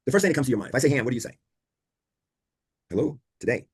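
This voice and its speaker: Fast, husky-voiced man teaching a law class. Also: mid-range voice, lively intonation, darkish tone. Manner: quizzing students, repeating key points. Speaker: law instructor. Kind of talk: online class lecture. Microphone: video call.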